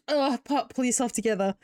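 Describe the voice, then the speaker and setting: A woman's voice: sits high, warm tone, no echo, studio quality. A young woman streaming while she builds Lego, chatting casually and breaking into long fits of giggles.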